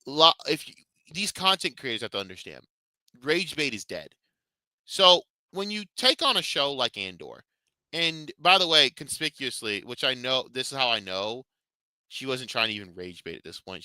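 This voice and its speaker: Ranting man with a bright, lively voice. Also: mid-range voice, no echo. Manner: heated, ranting, mocking. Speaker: podcast host. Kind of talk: profane commentary chat.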